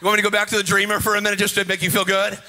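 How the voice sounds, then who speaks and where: This preacher's high, sharp voice races along with little pitch movement. Standing on a conference stage, he delivers an energetic, joking sermon in a sing-song style, calling out to the crowd often.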